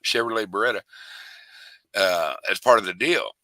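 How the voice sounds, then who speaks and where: A man's voice: lowish voice, moderate pace, sharp tone, dry recording. An older man telling rambling, folksy, profane stories in a casual interview. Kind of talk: casual storytelling.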